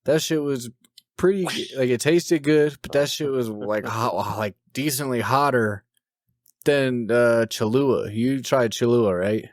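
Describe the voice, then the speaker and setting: A man's voice: mid-range voice, unhurried, no room sound, clean studio sound. A man co-hosting a podcast, telling rambling crude stories full of swearing in casual chat. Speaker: podcast co-host.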